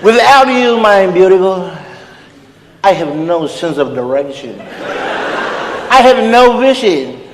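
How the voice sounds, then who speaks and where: A man's voice: high voice, animated, slow pace, long pauses. A man playing a tipsy Samoan uncle crooning. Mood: crooning, flirty. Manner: syrupy, flowery flirting with grand romantic lines. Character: tipsy middle-aged Samoan uncle, smug self-styled ladies' man. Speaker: comedian in character. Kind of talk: live comedy character act. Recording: echoey hall with loud background noise.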